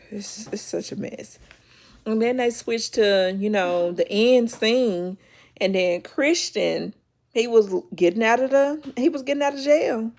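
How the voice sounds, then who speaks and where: A woman's voice: a little high, unhurried, a little mellow. A woman hosting her own channel, chatting casually as she retells a reality TV episode and acts out the quoted lines. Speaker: YouTube show host.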